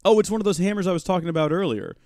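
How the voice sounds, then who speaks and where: A man's voice: high voice, rapid-fire, a little mellow, no room sound, studio quality. A man hosting a live gaming stream, chatting casually with viewers and joking with an in-game pet as he plays. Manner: chatty, joking asides, talks to chat and his pet rock. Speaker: gaming livestream host. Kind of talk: live Minecraft modpack let's-play commentary.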